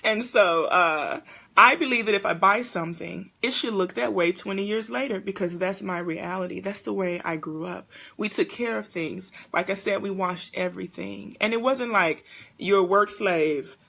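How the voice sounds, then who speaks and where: A young woman hosting a casual live-stream talk, animated and speaking straight to her viewers. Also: medium pitch, moderate pace, gravelly. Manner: animated, talks to viewers as "y'all" and "honey". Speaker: host.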